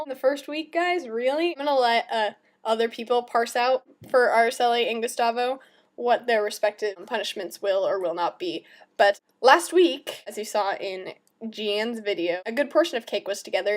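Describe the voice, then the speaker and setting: Young woman, fairly high voice, casual vlog, chatty, animated, lots of "like". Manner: chatty and animated, heavy use of "like". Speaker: vlogger in a group channel.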